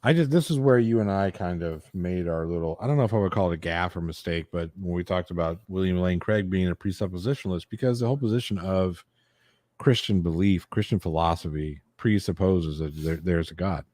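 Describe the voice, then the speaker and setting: A man's voice: sits low, fairly quick, a little mellow, no room sound, studio quality. A man co-hosting a casual livestream, making emphatic, profane arguments. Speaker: livestream co-host. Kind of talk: casual chat.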